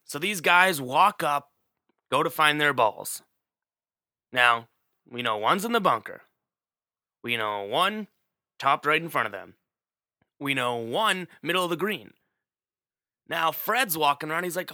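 Male storyteller, slightly high and very bright, chatty and direct, dry close sound. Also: expressive, normal speed, pauses often, no echo. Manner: chatty, addresses the listener directly, many fillers. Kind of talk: casual spoken storytelling.

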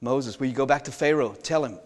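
A man's voice: mid-range voice, fairly quick, voice pushed down, natural voice. A man voicing God as a commanding divine figure laying out instructions one by one, heard with long hall reverb. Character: God, a commanding male divine voice giving orders.

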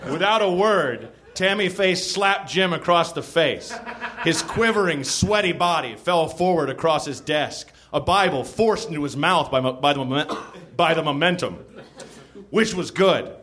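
A man's voice: fairly high pitch, lively intonation, moderate pace, fairly bright tone. A man comedian reading a raunchy story aloud to a live theater audience, stumbling and laughing now and then. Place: small theater stage.

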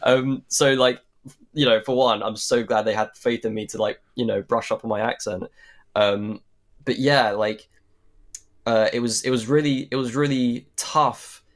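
A man's voice: medium pitch, steady tone, measured pace. A young man, an actor, chatting in an interview, rambling with lots of fillers and restarts. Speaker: actor guest. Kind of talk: casual interview chat.

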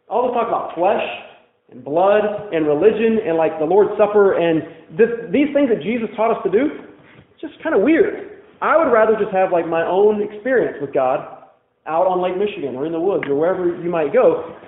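A higher-voiced man preaches in a loose, conversational way, tossing in playful asides. His voice rings around a large echoey hall. The sound is thin and narrow, like it came over a phone line. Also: lively intonation, a little fast. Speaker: pastor. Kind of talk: sermon. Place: church hall.

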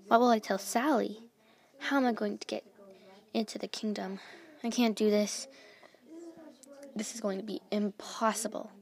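A woman's voice: mid-range voice, vocal fry, lightly acted. A woman voicing a brave but anxious young village girl who talks to herself earnestly. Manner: earnest, worried self-talk.

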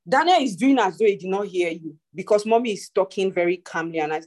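A woman leading a church prayer call, preaching and joking with animated swings in voice. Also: medium pitch, fast talker, hardly any pauses. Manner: animated, preachy, laughs and jokes. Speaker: prayer group leader. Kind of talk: testimony session on a call.

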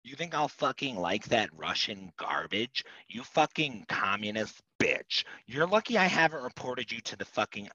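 A man's voice: medium pitch, big pitch swings, moderate pace, hardly any pauses, bright, forceful tone, no room sound, lo-fi sound. A man playing a rude, spoiled American wife who sneers and swears constantly. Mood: sneering. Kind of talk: comedy sketch acting.

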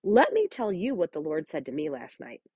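Low, breathy woman reading scripture. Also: huge pitch swings, moderate pace, a little mellow, no room sound. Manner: earnest, chatty asides between read passages. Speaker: Bible reading podcast host. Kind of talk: reading scripture aloud with casual commentary.

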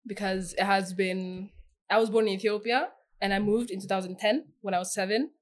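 A young woman from Norway with a Norwegian accent, a podcast guest chatting casually, laughing often and pausing on fillers. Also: mid-range voice, fairly even intonation. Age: young adult. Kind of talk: casual interview chat.

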